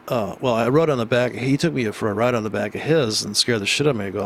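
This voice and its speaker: A man's voice: medium pitch, quick pace, gravelly. A man with a mid-range voice talks through trade setups in a loose, off-the-cuff way. He is blunt, rambles between thoughts and swears without hesitation. A faint hiss of noise sits under the recording. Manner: blunt, rambling, swears freely, asks rhetorical "right?". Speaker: trading educator. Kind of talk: casual unscripted trading commentary.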